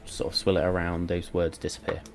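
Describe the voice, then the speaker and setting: A man narrating as game master in a tabletop game, with slow, dreamy descriptions and casual swearing. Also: sits low, monotone, vocal fry, a little hiss or hum.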